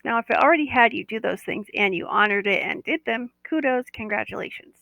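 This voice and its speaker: Gravelly woman guiding a meditation. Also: on the high side, animated, brisk, few pauses, fairly bright tone, no room sound, poor audio. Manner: soothing, coaxing, repeats cues like "that's right". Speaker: guided meditation teacher. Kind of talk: guided body-awareness meditation.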